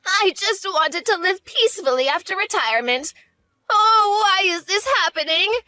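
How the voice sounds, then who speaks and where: A woman's voice: very high-pitched, expressive, normal speed, bright, forceful tone, dry recording, heavily acted. A woman voicing a greedy, selfish older mother-in-law who talks in a demanding, whiny way. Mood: pleading.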